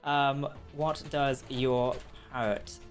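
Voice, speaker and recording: A man's voice: mid-range voice, little pitch movement, drawn-out words, faint music behind. A man hosting a livestream of a video game, chatting casually and laughing often. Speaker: community manager hosting a livestream.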